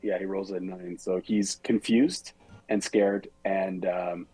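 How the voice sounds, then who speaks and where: A man's voice: low voice, fairly even intonation, slow pace, mellow, slightly rough, soft background music, poor audio. A man playing a tabletop game, describing his character's actions in a hesitant, filler-heavy way. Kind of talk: casual game narration.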